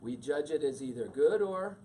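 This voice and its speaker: A man's voice: fairly high pitch, moderate pace. A middle-aged man teaching a class on emotions, asking the audience questions and acting out quoted voices. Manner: animated, acts out quoted voices. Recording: distant mic with faint room noise.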